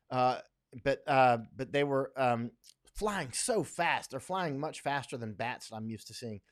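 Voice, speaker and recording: A man's voice: medium pitch, no echo, studio quality. A man from Florida hosting a casual livestream, rambling and chatty, reading viewer comments aloud with many fillers. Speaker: livestream host reading chat. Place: home in Thailand.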